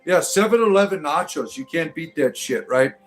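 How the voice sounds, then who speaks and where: A Detroit, Michigan man hosts a casual livestream, reading viewer comments aloud and answering them in a rambling, hesitant way full of fillers and restarts. His voice sits a little high with lively intonation and a moderate pace, and faint music plays behind him.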